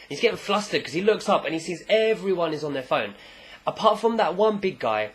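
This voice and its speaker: A man talks through a manga chapter in a loose, casual recap. His voice sits a little high for a man. He is animated and slips in quick character voices. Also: a little hiss or hum. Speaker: manga reviewer.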